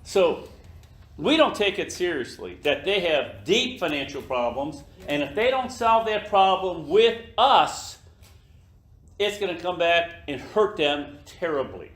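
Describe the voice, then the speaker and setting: Slow, emphatic older man in an echoey room. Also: on the high side, sing-song, fairly bright tone. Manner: slow, emphatic, acts out skits in other voices. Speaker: business leader speaking to his team. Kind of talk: motivational talk to a room. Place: office meeting room.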